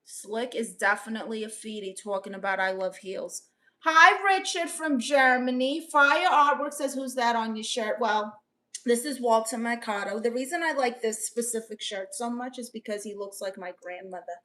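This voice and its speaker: Sassy bright-voiced Brooklyn woman. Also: fairly high pitch. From Brooklyn, New York. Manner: sassy, quick comebacks, reads comments aloud. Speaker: livestream host reading chat. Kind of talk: casual livestream chat.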